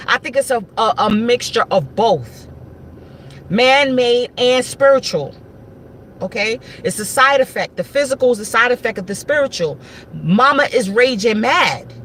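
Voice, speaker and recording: In a relaxed spiritual livestream, the female host speaks straight to viewers, stressing and restating her points. The voice is a little high and a bit bright, with slight background noise behind it.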